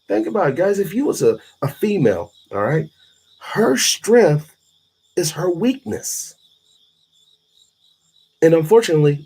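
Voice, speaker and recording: Husky, profane man preaching late at night. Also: fairly high pitch, darkish tone. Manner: blunt, profane, preachy street talk. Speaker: livestreaming vlogger. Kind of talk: late-night monologue to live chat.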